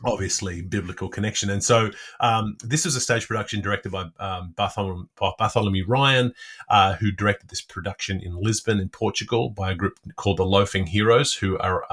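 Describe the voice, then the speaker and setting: Low-voiced man musing, halting. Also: fairly bright tone. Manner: hesitant, many restarts and fillers. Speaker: podcast co-host. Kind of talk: casual literary discussion.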